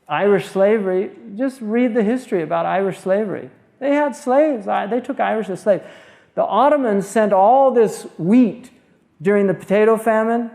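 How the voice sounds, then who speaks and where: A man's voice: high-pitched, a little mellow. An American man giving an informal religious lecture, talking bluntly and conversationally with many restarts and asides. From United States. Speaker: Islamic scholar lecturing.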